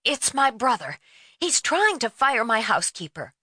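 A woman's voice: fairly high pitch, very animated, normal speed, pushed and bright, husky, dry recording, clean studio sound, voice pushed up, heavily acted. Woman voicing a stern, frantic woman on the phone. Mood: stern, harried. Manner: stern, then breathless and desperate. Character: stern, frantic middle-aged woman caller.

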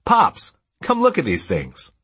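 A man reading an audiobook, voicing an eager grown son who calls out excitedly, his voice lifted well above his own. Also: low voice, slightly rough, no room sound, heavily acted. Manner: excited, calls out, quick exclamations.

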